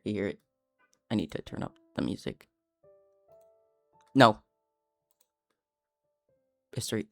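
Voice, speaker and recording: Chatting through a livestream with no room sound, a Canadian game streamer has a creaky, medium-pitched voice. They laugh a lot and keep talking to themselves.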